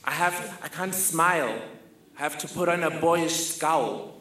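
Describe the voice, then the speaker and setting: A man's voice: a little high, measured pace, bright, forceful tone. A young man telling a wry, vivid personal story on stage. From South Africa. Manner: vivid, wry, self-mocking. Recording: echoey hall, faint ambience.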